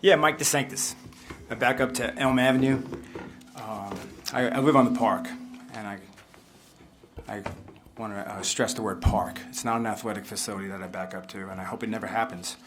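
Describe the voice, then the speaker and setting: A middle-aged man from New Jersey giving public comment at a council meeting, halting with restarts that build to emphatic points, speaking into a podium microphone. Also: fairly low pitch, background noise. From River Edge, New Jersey.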